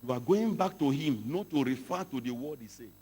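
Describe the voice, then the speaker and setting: A man preaching a sermon to pastors, telling stories and rising into shouted emphasis. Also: medium pitch, expressive, fairly quick. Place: large hall. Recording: hall reverb, from a distance.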